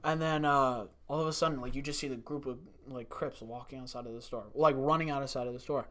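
Speaking a little fast, with a medium pitch, fairly even intonation and a somewhat bright tone, a young man who used to work in a restaurant chats loosely. His rambling job story is full of swearing and "like."

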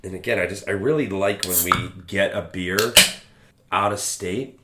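A man with a fairly low voice co-hosts a laid-back beer-tasting chat in an echoey room. His banter is relaxed and joking. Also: normal speed, heavy background noise. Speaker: podcast co-host.

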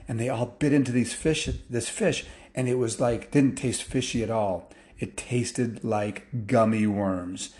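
A man telling a story in a loose, casual way, with restarts and fillers, picking up excitement as the action builds. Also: mid-range voice, normal speed.

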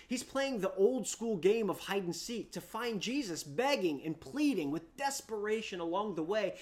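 A preacher telling a story in a sermon, repeating words as they restart sentences and swinging from loud bursts down to hushed whispers. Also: mid-range voice. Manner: frequent repeated word restarts.

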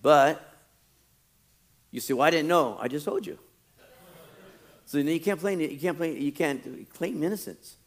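A male pastor preaching a sermon, animated, often acting out quoted churchgoers. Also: on the high side, a little slow, long pauses.

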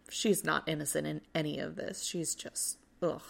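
A woman co-hosting a podcast, casually recapping a reality show, animated and swearing freely as she acts out what people said. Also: deep voice, moderate pace, vocal fry, few pauses. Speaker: podcast co-host.

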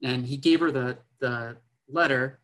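A man's voice: mid-range voice, steady tone, unhurried, a bit bright, rough recording. A man, a military officer, earnestly telling a personal story in a podcast conversation, with many fillers.

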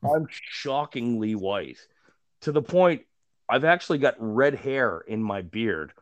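A man talking at an unhurried, drawn-out pace in loose, casual podcast banter. He rambles and restarts, swears freely and makes fun of himself. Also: medium pitch, expressive, highs cut off. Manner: rambling, profane, many restarts and fillers; self-mocking humor. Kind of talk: casual chat.

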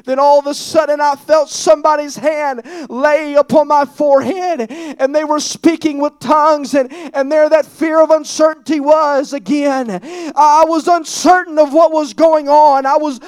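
A man preaching an impassioned sermon in a church, rising to shouts and tearful pleading. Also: very high-pitched, steady tone, normal speed, no room sound, clean studio sound. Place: church sanctuary.

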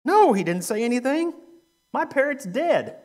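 An impatient old widow complains with fed-up indignation, as a man puts her on while telling a joke. The voice stays high and bright with exasperation. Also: measured pace. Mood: exasperated.

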